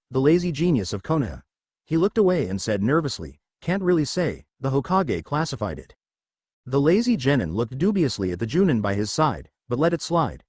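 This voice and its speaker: A male narrator reads fan fiction aloud steadily and expressively, his slightly rough voice rising and falling a lot in pitch. The recording is close and dry, with no room echo.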